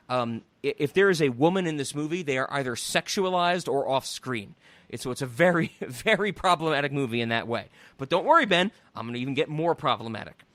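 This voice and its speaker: A man hosting a podcast, retelling a comedy film in an animated, incredulous way. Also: medium pitch, no echo. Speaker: podcast host. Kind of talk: casual chat.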